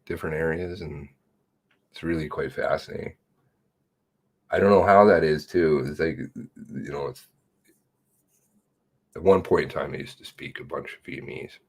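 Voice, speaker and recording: Speaking at a moderate pace with long pauses, this man has a bass voice. On his livestream he reads viewer comments aloud and chats in a rambling, self-mocking way, shifting between laughter and muttering.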